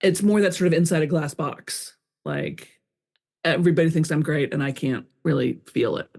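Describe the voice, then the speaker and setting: A woman's voice: low-pitched, sing-song, moderate pace, darkish tone. A woman guest on a podcast, an author, talking candidly and expressively, acting out her own thoughts in quoted asides. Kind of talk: conversational interview.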